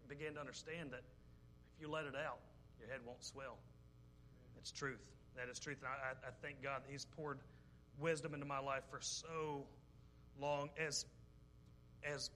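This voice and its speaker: A man's voice: a little high, pushed and bright, slight background noise. A man preaching a sermon, folksy and joking, reading scripture and acting out quotes. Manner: folksy and joking, quotes people in their voices. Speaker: pastor.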